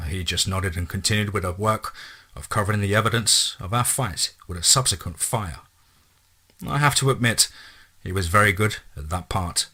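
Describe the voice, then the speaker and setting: A man narrating a first-person story in a measured, wry storytelling manner. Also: low-pitched, sharp tone, breathy edge.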